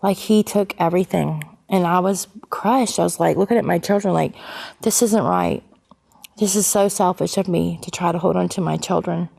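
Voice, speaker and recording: A woman shares her personal faith testimony in a low voice. Her tone is gravelly with some fry, and she talks haltingly, often stopping to restart. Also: a little mellow. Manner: halting, frequent fillers and restarts. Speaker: guest sharing her life story.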